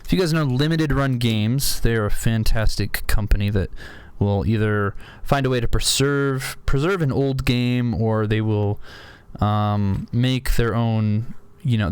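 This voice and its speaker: At his desk at home, a sore-throated young man chats loosely about his collection, restarting sentences and filling pauses often. His voice is fairly low and clean in tone.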